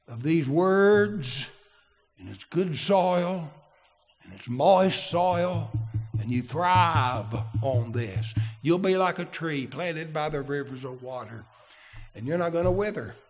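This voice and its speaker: Male preacher, high lively delivery, unhurried, long church reverb. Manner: emphatic, repeats key words, reads scripture aloud. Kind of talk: sermon.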